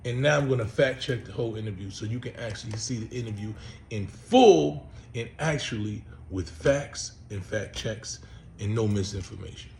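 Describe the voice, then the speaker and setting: A man's voice: on the low side, normal speed, gravelly, a little mellow, slight background noise. A man hosting his own channel, talking bluntly and emphatically in casual commentary, often repeating himself. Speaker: host.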